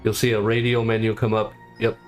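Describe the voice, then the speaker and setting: Male game master, low voice, halting narration full of fillers. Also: monotone, soft background music.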